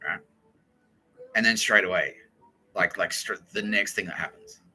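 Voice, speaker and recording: A man's voice: on the low side, moderate pace, bright, forceful tone, slightly rough, rough recording. A man hosting a podcast, retelling a film in a casual, comedic way, swearing and laughing often. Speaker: podcast host.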